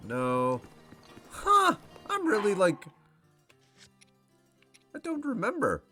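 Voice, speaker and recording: A man's voice: high-pitched, wildly swooping pitch, slow pace, pauses often, pushed and bright, soft background music. A man giving casual, swearing commentary while playing a video game. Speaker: gameplay streamer. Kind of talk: casual let's play commentary.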